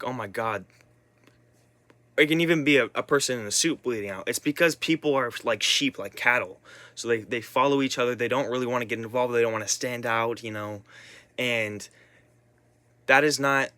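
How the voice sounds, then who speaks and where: Young guy ranting in a vlog, swears a lot, bright forceful voice, dry close mic. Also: mid-range voice, dry recording. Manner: intense, profane, restless, many restarts. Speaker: vlogger. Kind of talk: rambling casual monologue.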